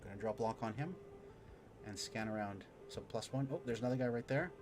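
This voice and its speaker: A man streaming a flight sim, explaining his systems and muttering excited remarks while he fights. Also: lowish voice, brisk, background noise. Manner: excitable, mutters to himself mid-dogfight. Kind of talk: live gameplay commentary and tutorial.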